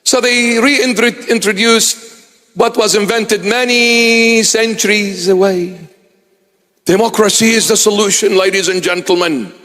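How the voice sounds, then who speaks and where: A man with a high voice delivers a sermon in a church, slow and emphatic, repeating phrases for weight. His words trail off in a long reverb from the large hall. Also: fairly even intonation, fairly bright tone. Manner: slow, emphatic preaching with dramatic repetition. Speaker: preacher.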